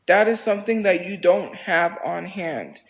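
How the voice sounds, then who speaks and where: A man's voice: sits high, unhurried, vocal fry, a bit bright, low-quality recording. A man telling a story on a casual livestream, rambling and repeating phrases for emphasis in a heated, defensive way.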